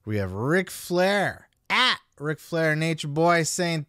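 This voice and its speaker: A man's voice: a little high, very animated, slow, few pauses, pushed and bright, no room sound, studio quality. Blunt, swearing podcast host, a man. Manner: blunt and heavily profane. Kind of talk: casual podcast commentary.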